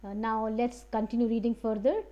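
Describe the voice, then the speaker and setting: Woman English teacher, fairly high and mellow voice, steady reading with plain explanations. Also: normal speed. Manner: reads passages aloud and paraphrases them plainly.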